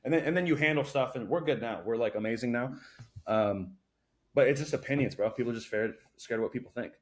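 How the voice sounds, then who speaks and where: Fast-talking, profane young man. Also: medium pitch. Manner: fast, profane, animated storytelling. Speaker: podcast guest, entrepreneur. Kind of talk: casual podcast conversation.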